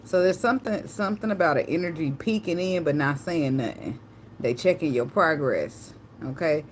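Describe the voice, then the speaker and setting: Female tarot reader, AAVE, low pitch, chatty tangents, faint room noise. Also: animated, normal speed. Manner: chatty, tangential, slangy, swears and laughs. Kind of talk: casual channeled tarot reading.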